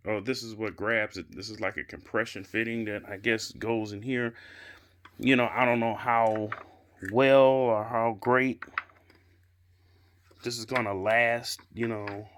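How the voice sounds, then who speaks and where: Casual guy from chicago putting a chair together on camera, rambling, hedgy, average pitch, faint hiss behind him. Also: fairly bright tone. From Chicago area. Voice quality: rambling, chatty, hedges a lot with "I guess" and "you know". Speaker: product reviewer. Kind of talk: casual unscripted product review. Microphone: handheld camera mic.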